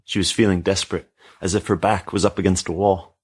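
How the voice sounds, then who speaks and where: Man, narrator, storybook reading, measured, deep, husky. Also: flat delivery.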